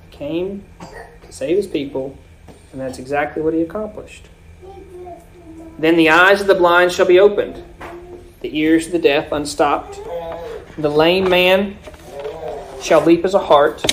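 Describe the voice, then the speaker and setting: A man preaching a sermon, explaining scripture with swells and sudden drops in loudness. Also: on the high side. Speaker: pastor.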